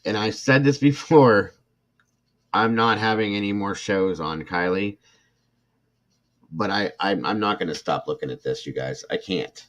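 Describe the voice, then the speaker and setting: A man's voice: fairly low pitch, measured pace, fairly bright tone, highs cut off. A middle-aged man hosting a true crime livestream, reading a report aloud and reacting with irritation while talking to his chat viewers. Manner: emotional, irritated, talks to chat viewers by name.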